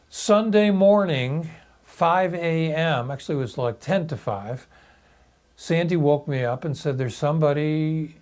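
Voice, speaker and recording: A man in his sixties telling a personal story in a halting, reflective video monologue. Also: mid-range voice, darkish tone. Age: 60s. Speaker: video blogger.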